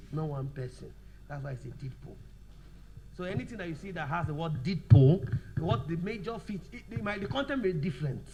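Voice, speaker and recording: Male law lecturer, high voice, drills the class with fill-in-the-blank questions and dictates slowly. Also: a bit bright, slight background noise. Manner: slows down to dictate notes.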